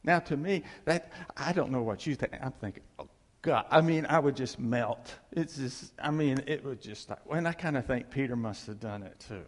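Male Bible teacher, husky and gravelly, chatty delivery with acted-out bits, long hall reverb. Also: medium pitch, normal speed, few pauses. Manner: conversational, acts out scenes, laughs often.

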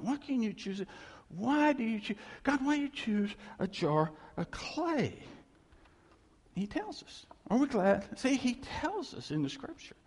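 Male preacher, lively and chatty with the congregation, husky gravelly voice, long hall reverb. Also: fairly high pitch. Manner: animated, jokey, talks straight to the congregation. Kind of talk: conversational sermon.

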